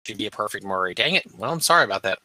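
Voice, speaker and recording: A man co-hosting a casual podcast, reacting quickly and teasing the others. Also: lowish voice, expressive, a crowd in the background. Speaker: podcast co-host. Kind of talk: casual chat.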